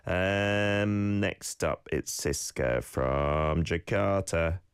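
Deep-voiced man hosting a radio lesson. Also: very slow, clear, resonant tone, no echo, studio quality. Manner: lively, encouraging, explains pronunciation. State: slight cold, sneezing. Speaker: radio host and Korean language teacher. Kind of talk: radio lesson with listener clips. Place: studio.

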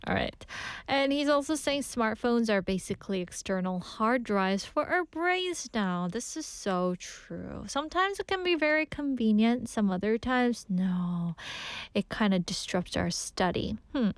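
Chatty radio host woman, smooth voice. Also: fairly high pitch, lively intonation, measured pace, no echo. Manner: chatty, laughs often, mixes in Korean phrases. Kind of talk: casual radio chat reading listener messages. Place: radio studio.

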